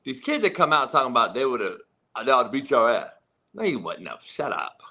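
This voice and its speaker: A man's voice: mid-range voice, sing-song, brisk, bright, forceful tone, husky. A middle-aged man hosting a sports talk show, blunt and profane, laughing often as he talks about coaching. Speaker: football coach and podcast host.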